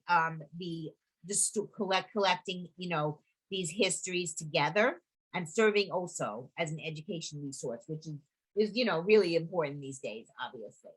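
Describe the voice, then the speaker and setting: A woman's voice: fairly low pitch, a bit bright, breathy edge, rough recording. A middle-aged woman with a New York accent, giving a chatty, filler-filled talk over a video call as a historical society presenter. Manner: chatty, full of fillers and restarts.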